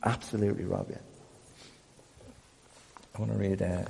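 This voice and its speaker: A man leading an informal Bible talk for a small group, chatty and self-deprecating, growing more animated as he goes. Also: lowish voice, moderate pace, creaky, in a large hall, slight background noise. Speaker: church group leader.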